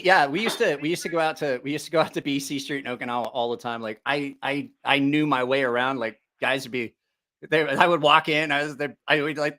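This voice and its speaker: A man's voice: mid-range voice, fairly even intonation, fast, bright, forceful tone. A middle-aged man hosting a live stream, telling a rambling, profane story with lots of laughter. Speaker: livestream host.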